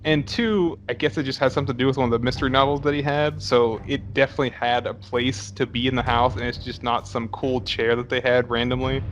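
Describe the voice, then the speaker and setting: A man co-hosting a casual movie podcast, talking rapidly with lots of filler words and casual swearing. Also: medium pitch, steady tone, fairly bright tone, muffled recording, a little hiss or hum. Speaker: podcast co-host. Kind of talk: casual movie chat over beers.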